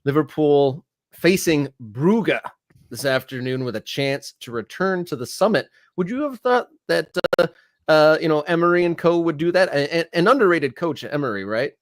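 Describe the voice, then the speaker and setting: A man co-hosting a soccer talk show, speaking in an easygoing, halting way with many fillers. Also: a little high, animated, no echo. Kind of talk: casual sports talk.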